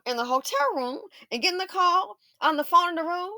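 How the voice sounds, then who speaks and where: A woman talks straight to her viewers in a casual commentary, recounting her own experiences at length. She swings her pitch up sharply whenever she imitates the people she quotes. The recording is dry and close, with no room sound. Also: normal speed, hardly any pauses, dry recording. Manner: animated storytelling, acts out quoted voices with big pitch jumps. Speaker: commentary channel host.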